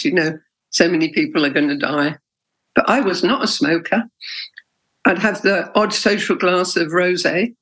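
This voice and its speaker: A middle-aged woman, a patient, shares her story in an interview with candor, emotion, and some hesitation. Her somewhat low voice has a slight brightness, captured on poor audio.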